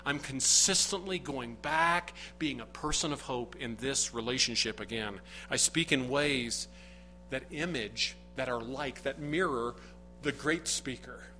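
A man's voice: mid-range voice, unhurried, pushed and bright, faint music behind, low-quality recording. A man preaching a sermon, earnest and emphatic, often building to rising bursts of emphasis. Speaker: pastor.

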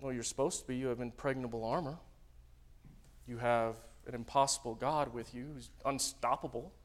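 A man preaching a sermon, swinging between loud dramatic readings and quiet joking asides to the congregation. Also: medium pitch, fairly even intonation, normal speed.

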